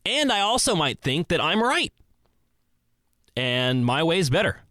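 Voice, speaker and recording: A man's voice: fairly high pitch, sing-song, measured pace, sharp tone, no echo. Rambling man musing alone, dry close mic. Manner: rambling, self-correcting, acts out both sides of a conversation. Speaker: podcast host. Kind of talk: solo reflective monologue.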